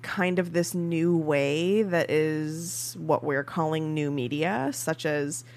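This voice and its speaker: A woman's voice: sits low, takes it slowly. A young woman co-hosting a podcast, chatting casually with plenty of fillers. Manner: relaxed, chatty, lots of fillers. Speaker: podcast co-host. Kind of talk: casual chat.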